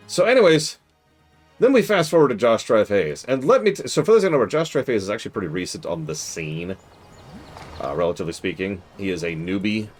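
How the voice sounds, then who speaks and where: Animated low-voiced man streaming a game. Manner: animated, mock-exasperated asides, mutters to himself while playing. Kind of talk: casual chat while playing a strategy game.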